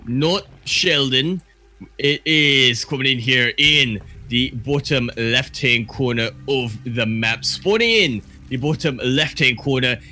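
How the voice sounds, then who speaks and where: A man voicing a brash male announcer with a put-on Australian accent, giving a loud, hyped player introduction. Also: fairly high pitch, full character voice.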